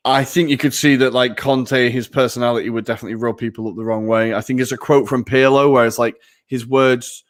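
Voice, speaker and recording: A man's voice: medium pitch, steady tone, brisk, hardly any pauses. Chatty man co-hosting a podcast. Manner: chatty, self-mocking, many fillers. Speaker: podcast co-host. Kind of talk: casual football podcast chat.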